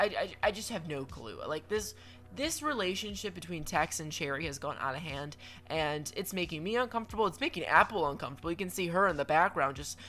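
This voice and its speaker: A man's voice: fairly high pitch, pushed and bright. A young man giving chatty, playful commentary over a video game, with lots of stammered restarts and mock-dramatic asides. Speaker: gaming commentator.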